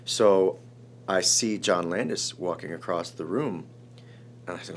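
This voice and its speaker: A man in his forties from Chicago, a screenwriter telling an emotional story in an interview, animated and rambling with many restarts. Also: deep voice, unhurried, a little hiss or hum. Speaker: screenwriter guest.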